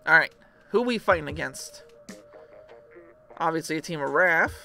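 With game music in the background, a woman streamer chats casually while playing an online game, reacting out loud to the match. Her low-sitting voice is gravelly, bright and forceful, animated and at normal speed.

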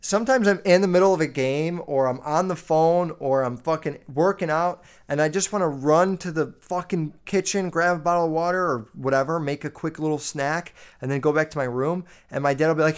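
A man's voice: on the high side, a little fast, hardly any pauses, smooth. Blunt, profane young man ranting. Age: 20s. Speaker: podcast host. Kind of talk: casual rant.

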